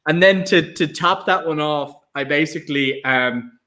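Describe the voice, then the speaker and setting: Over a noisy crowd, a young Irish whiskey ambassador on a panel tells self-mocking anecdotes in an unhurried, fairly high voice. His storytelling is loose and rambling, with many fillers, restarts, and self-deprecating laughs.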